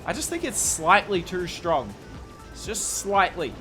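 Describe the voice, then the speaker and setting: Bright-voiced Australian man commentating gameplay. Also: high-pitched, big pitch swings, measured pace, soft background music. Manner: chatty, candid, self-deprecating asides. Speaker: strategy video commentator.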